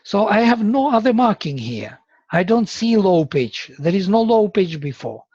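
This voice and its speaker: A man lecturing slowly and deliberately, explaining terms with chanted examples. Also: sits high, sing-song, darkish tone, dry recording. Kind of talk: university lecture. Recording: dull, lo-fi lecture recording.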